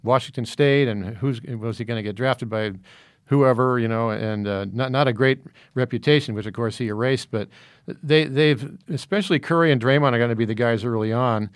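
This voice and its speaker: A man's voice: medium pitch, a little fast, smooth, no room sound, clean studio sound. Man rambling through basketball analysis. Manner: rambling, many fillers and restarts. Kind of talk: casual sports discussion.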